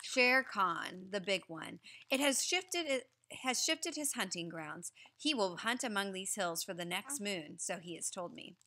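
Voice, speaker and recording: A woman reading aloud as a sly, spiteful male jackal who flatters and sneers. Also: mid-range voice, measured pace, hardly any pauses.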